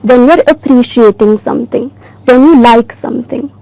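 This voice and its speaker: A woman teacher giving a recorded lesson in a slow, clear, emphatic way. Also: on the high side, dark tone, no echo, low-quality recording.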